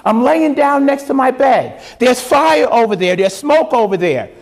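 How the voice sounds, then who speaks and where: Man doing a scared little boy, high voice, pleading, lively pitch. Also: unhurried. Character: frightened young boy trapped upstairs.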